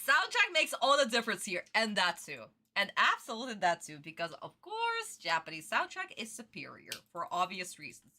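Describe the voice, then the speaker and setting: A woman streamer giving excitable, foul-mouthed reaction commentary on a cartoon, talking close into her own microphone from bed. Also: medium pitch, moderate pace, few pauses. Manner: excitable, swears freely, exaggerated outrage. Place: in bed at home. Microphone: own desk microphone, close.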